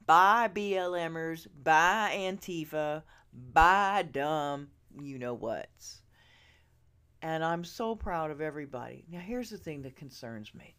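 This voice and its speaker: A woman hosting a podcast, ranting straight at her listeners, swearing freely and swinging from loud outbursts to hushed asides. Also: low-pitched, lively intonation, takes it slowly, clear, resonant tone. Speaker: podcast host. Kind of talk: ranting opinion monologue. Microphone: earbud listeners, close mic.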